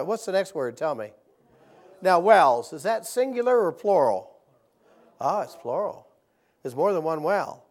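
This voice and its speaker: Preacher man, soft then loud. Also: on the high side, very animated, moderate pace. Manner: rises from soft-spoken to loud and emphatic when exhorting. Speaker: visiting preacher. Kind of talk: sermon with call-and-response Bible reading. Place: church sanctuary.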